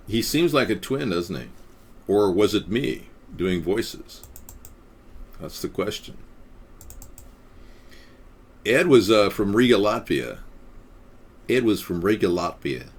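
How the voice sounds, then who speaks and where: A man's voice: lowish voice, sing-song, a little slow, pauses often, husky. A young man hosting a live stream, loosely chatting with many fillers and reading an article aloud.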